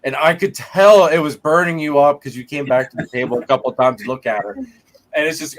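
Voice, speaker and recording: A man hosting a podcast as a casual live-stream chat talks in a fairly high voice at a fairly quick pace. He's animated and joking, laughing a lot as he speaks.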